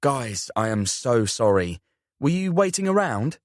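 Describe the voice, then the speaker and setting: A man's voice: mid-range voice, sing-song, dry recording, studio quality. A man doing an earnest, apologetic young man. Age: young adult. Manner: apologetic, quick.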